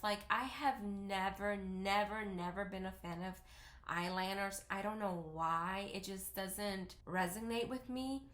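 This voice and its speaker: A woman's voice: mid-range voice, fairly bright tone. A woman in her thirties, a native Spanish speaker with a Spanish accent, chatting and rambling casually through a makeup tutorial into her camera at home. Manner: chatty, rambling, self-deprecating. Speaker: vlogger. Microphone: camera mic. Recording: roomy echo.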